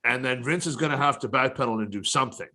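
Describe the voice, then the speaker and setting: A man's voice: medium pitch, fast talker, sharp tone. A man in his thirties co-hosting a casual wrestling talk show, blunt and opinionated, getting fired up over his points. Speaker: podcast co-host.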